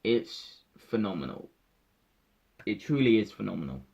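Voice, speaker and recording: A young man, giving an emotional, halting spoiler review of a film that often repeats itself. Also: fairly low pitch, big pitch swings, vocal fry, darkish tone, breathy edge. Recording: dull lo-fi sound.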